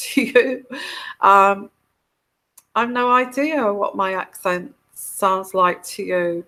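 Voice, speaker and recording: A woman's voice: mid-range voice, sharp tone. An English woman with a mixed northern and southern English accent, hosting a casual live chat as a tarot reader, soothing and meandering with many restarts. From England.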